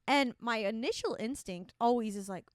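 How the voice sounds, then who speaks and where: A woman co-hosting a podcast in casual chat, telling an animated story and acting out the dialogue. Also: fairly high pitch, normal speed, dry recording, clean studio sound. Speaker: podcast co-host.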